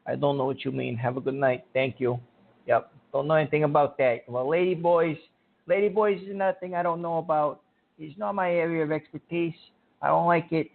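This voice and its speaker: A man's voice: a little high, vocal fry. A man hosting a call-in radio show, irritable and scolding his callers as he rants. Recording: narrow phone-like sound.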